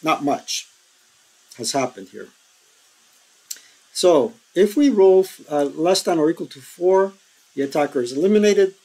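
A man's voice: fairly high pitch, unhurried, long pauses, rough recording. Chatty man explaining board game rules. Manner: explains step by step with many ums and uhs, animated in bursts. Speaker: board game tutorial host.

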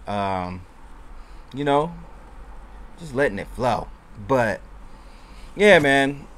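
A man giving loose, rambling fan commentary in a casual vlog, moving between deflated and excited. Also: mid-range voice. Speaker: sports fan vlogger.

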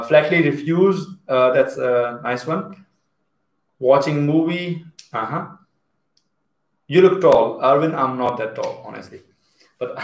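Indian English teacher, male, a bit high-pitched, chatty, reads out viewer comments, echoey room. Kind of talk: live online class.

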